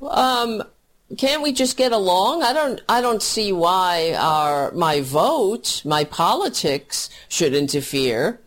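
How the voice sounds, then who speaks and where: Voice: mid-range voice, lively intonation, slow pace, fairly bright tone. A speaker putting on a whiny, naive voice for a clueless voter, in a political rant. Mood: mock whining.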